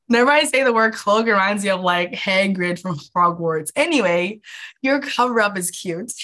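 A woman's voice: medium pitch, lively intonation, normal speed, a bit bright. A young woman hosting a live online masterclass as a wellness coach, bubbly and scattered, laughing often and swearing casually. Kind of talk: casual live-stream chat.

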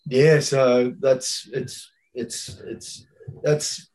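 A man hosting a podcast, asking halting, hesitant questions. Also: medium pitch, level tone, a little mellow. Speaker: podcast host. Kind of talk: casual chat.

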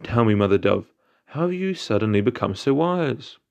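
A man voicing a sly, hungry jackal that shouts threats in a storybook tale. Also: mid-range voice, sing-song, normal speed, gravelly, lo-fi sound. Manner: calls out loudly and menacingly.

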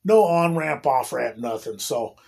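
A man spins a rambling story in a husky, breathy voice, dropping swear words into nearly every line. He laughs often and stumbles over restarts as he talks. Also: mid-range voice, animated, unhurried, darkish tone. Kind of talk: casual storytelling.

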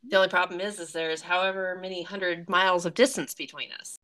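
Woman cohost, bright voice, friendly casual chat, laughs a lot. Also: lowish voice, fairly even intonation, brisk. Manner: supportive listener, laughs easily. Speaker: podcast co-host.

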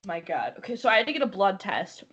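A young woman co-hosting a podcast, chatting casually, giggling and animated as she tells stories. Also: mid-range voice, quick pace, lo-fi sound, a crowd in the background. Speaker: podcast co-host.

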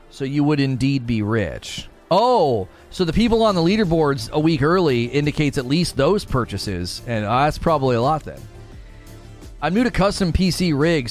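A man in his thirties is live-streaming and chatting with viewers, excitable and teasing, frequently bursting into laughter. His voice is mid-range.

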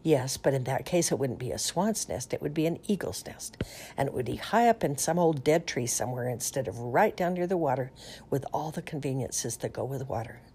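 Storybook read-aloud: woman doing a pompous, hot-tempered cob swan, deep, breathy edge. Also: lively intonation, fairly quick, dark tone, exaggerated voice. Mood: pleased. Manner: pompous, indignant complaining. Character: proud, fussy, quick-tempered male swan.

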